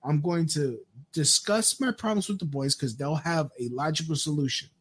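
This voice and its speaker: A man's voice: fairly high pitch, normal speed, slightly rough. A man giving a crude, rambling rant, with frequent stammered restarts. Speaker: commentator. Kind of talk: profane rant commentary.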